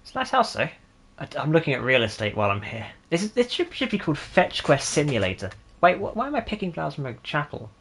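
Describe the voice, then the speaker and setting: This gaming YouTuber's voice is fairly high, gravelly, and a bit bright yet slightly rough, with huge pitch swings and a fast pace. He cracks sarcastic jokes during casual gameplay commentary, addressing both himself and his viewers as he plays.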